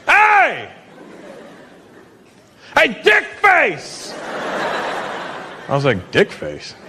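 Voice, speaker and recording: A man from Canada performing a stand-up comedy set on a club stage, talking to the audience and breaking into loud shouted bits as he acts out characters. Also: fairly high pitch. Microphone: handheld stage mic. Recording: live club recording with crowd noise.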